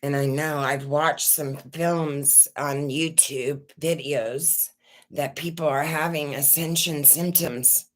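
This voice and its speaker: A woman's voice: sits low, steady tone. A woman host talking raw and tearful in a personal vlog, swearing and stumbling over her words as she vents. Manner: raw, distressed, swearing, halting restarts. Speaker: channel host.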